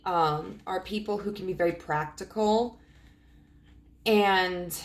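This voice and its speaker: A woman in her thirties gives a casual tarot reading, rambling with many fillers and often clearing her throat as her voice cracks. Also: lowish voice, a little hiss or hum. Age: 30s. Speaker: tarot reader.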